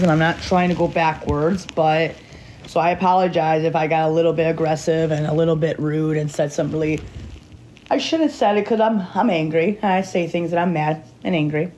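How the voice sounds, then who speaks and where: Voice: mid-range voice, a little mellow, a little hiss or hum, low-quality recording. A streamer in an unscripted live stream on a phone, tense and angry but holding it in, talking in repetitive pleading phrases and often asking "okay?".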